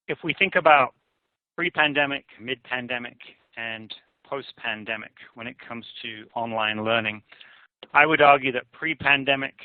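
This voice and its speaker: A man giving a measured, analytical conference presentation on survey findings. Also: mid-range voice, no room sound. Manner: measured, analytical, hedges with "I would argue". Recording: tinny phone-like dry audio.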